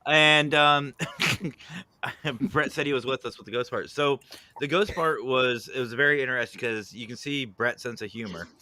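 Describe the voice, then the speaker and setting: A man's voice: mid-range voice, moderate pace, sharp tone. A man hosting a paranormal show, telling a story in casual banter and acting out the voices of others while laughing often. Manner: laughs often, acts out quotes. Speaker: paranormal podcast host.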